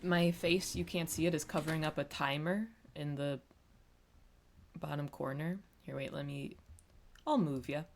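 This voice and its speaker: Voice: medium pitch, steady tone, moderate pace, a little hiss or hum. A streamer chatting casually while playing a game, rambling and self-deprecating, often trailing off and restarting sentences. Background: game music.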